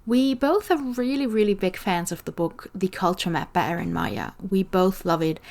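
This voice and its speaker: A woman's voice: medium pitch, lively intonation, normal speed, a little mellow. A woman with an Austrian accent hosting an interview podcast, asking questions and explaining directly through worked examples. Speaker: podcast host. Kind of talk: conversational interview.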